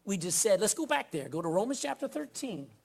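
This pastor's high-pitched voice is very animated and brisk, with vocal fry and a slightly rough edge. Preaching at the church pulpit, he alternates loud scripture reading with quiet asides and asks the congregation direct questions, all delivered emphatically.

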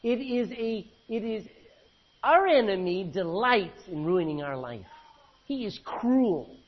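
A husky, high-pitched man preaches a sermon. He reads verses aloud and explains them, putting questions to the congregation. The recording sounds muffled and lo-fi. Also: lively intonation, measured pace. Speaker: pastor. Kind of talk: expository sermon reading scripture.

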